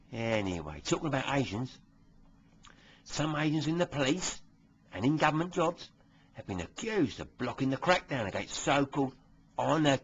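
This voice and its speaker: A smug, bigoted police constable, played by a man, gossips through a comic monologue, forever nudging the listener with tag questions. His voice sits fairly high and sounds husky. It comes through a dull, lo-fi recording. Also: fairly bright tone, exaggerated voice.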